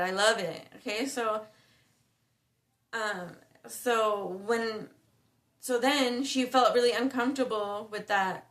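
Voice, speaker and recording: A woman's voice: fairly high pitch, a bit bright. A woman telling a personal story in a casual, rambling way, full of slang, fillers and restarts. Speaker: spiritual vlogger.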